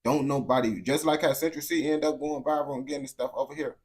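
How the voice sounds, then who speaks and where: Fast and steady in tone, his medium-pitched voice slightly mellow, the young streamer from the United States rants casually and unscripted to his viewers. He talks bluntly in heavy slang and keeps restarting and repeating words.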